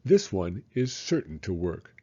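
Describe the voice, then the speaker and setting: A boastful, scheming crocodile, as a man reads him aloud in a storybook, gloating over his tricks with a sly, husky, mellow voice. The tone swings widely, and the recording sounds a little dull. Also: low voice, big pitch swings, unhurried, pitched below the performer's own voice, heavily acted. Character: enormous greedy boastful male crocodile, scheming.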